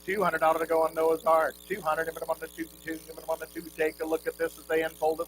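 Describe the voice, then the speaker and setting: A man calling bids as auctioneer at a live charity quilt auction, rolling numbers in a rapid rhythmic chant. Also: on the high side, completely flat delivery, noisy background. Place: outdoor camp auction.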